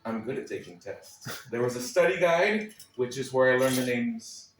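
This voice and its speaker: At a live club night, a man from Texas reads a personal essay aloud in a wry, sardonic style full of dry asides. His medium-pitched voice has lively intonation and a normal pace, sounding a bit distant from the mic in an echoey room with crowd noise.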